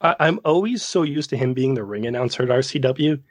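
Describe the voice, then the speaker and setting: A man's voice: mid-range voice, expressive, fairly quick, no room sound. Dry-witted male podcast guest. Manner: short dry quips. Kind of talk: casual chat.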